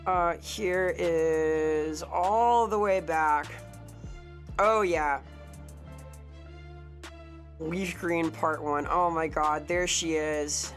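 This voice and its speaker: A woman streamer talking casually to her live chat, quick to get excited and swearing freely. Her voice sits on the lower side for a woman. Faint music plays behind her.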